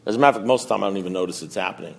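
A man's voice: deep voice, racing, creaky. A middle-aged man telling a self-mocking story at a support meeting, rambling with restarts and asides to the audience. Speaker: recovery meeting speaker.

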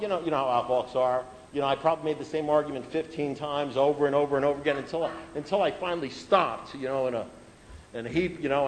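A man with a mid-range voice shares his recovery story with an audience, joking at his own expense in a conversational way. He repeats phrases for rhythm, and the rough recording has a little hiss or hum.

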